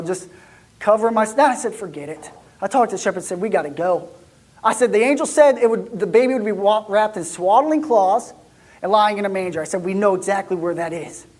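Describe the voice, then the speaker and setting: A man plays an excitable young shepherd in a first-person church monologue, his high-sitting voice chatty and lively before sinking into hushed tones.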